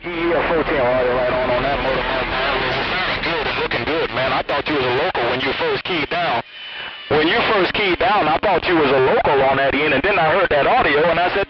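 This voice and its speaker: A man's voice: fairly high pitch, a little fast. A man calling in over CB radio, friendly and jokey, full of radio lingo. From US Northeast. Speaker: CB radio caller. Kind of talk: casual CB radio chat. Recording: muffled radio transmission with loud static.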